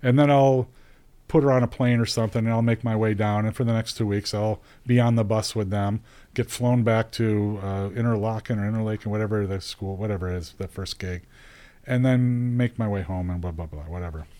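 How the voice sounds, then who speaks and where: A man's voice: fairly low pitch, fairly even intonation, fairly quick, warm tone, smooth, poor audio. A middle-aged man telling a long personal story in a casual, rambling way, often laughing as he talks.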